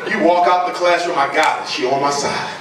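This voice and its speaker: Blunt, mocking lecturer in an echoey hall. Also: male voice, a little high, fairly even intonation, brisk, crowd noise. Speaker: public speaker. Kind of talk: fiery public lecture. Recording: echoey hall, distant mic, audience.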